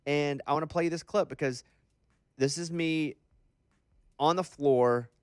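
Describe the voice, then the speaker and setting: Animated male radio host, dry studio. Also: a little high, clean tone, no echo. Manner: animated storyteller, quick and rambling. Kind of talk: casual morning radio chat. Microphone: studio microphone.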